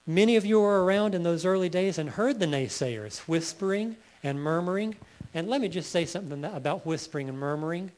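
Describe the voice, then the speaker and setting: A male pastor preaching a sermon, reading scripture slowly and building to emphatic peaks. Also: high-pitched, a little mellow.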